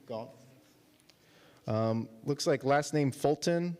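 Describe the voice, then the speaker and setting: A man chairing a city meeting, calling speakers politely and briskly from a list. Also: mid-range voice, darkish tone. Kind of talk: procedural meeting talk.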